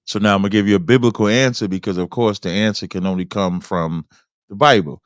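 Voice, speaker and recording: Deliberate man reading scripture, dry sound. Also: fairly low pitch, smooth, dry recording. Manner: preacherly, deliberate, reads scripture with commentary. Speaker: host. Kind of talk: debate discussion, reading scripture aloud.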